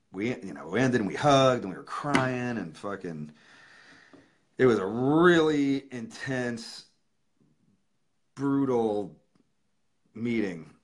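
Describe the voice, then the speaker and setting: A man hosting his own livestream, telling an emotional story in a casual, profane way. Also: lowish voice. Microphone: webcam or phone.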